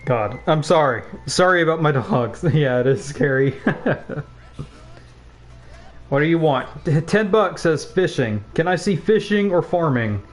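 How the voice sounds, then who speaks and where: A man's voice: a little high, animated, a little slow, faint music behind. Rambling young man telling a story. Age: young adult, about 19. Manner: rambling, profane, laughing asides. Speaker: game streamer. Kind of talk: casual storytelling while gaming.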